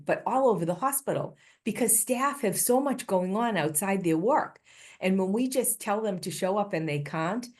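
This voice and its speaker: A woman's voice: lowish voice, a little mellow. An older woman with a Boston accent, giving an earnest, story-driven conference keynote with frequent restarts. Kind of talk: conference talk.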